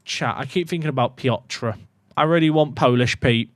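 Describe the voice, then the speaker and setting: A young man giving casual, excitable commentary on his game to his chat, swinging from muttering to loud outbursts. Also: mid-range voice, normal speed, dry recording, clean studio sound. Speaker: gaming YouTuber.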